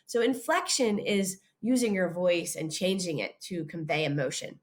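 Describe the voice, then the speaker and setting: A woman giving a chapel talk to young schoolchildren, expressive and lively, putting questions straight to the kids. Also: mid-range voice, moderate pace, hardly any pauses.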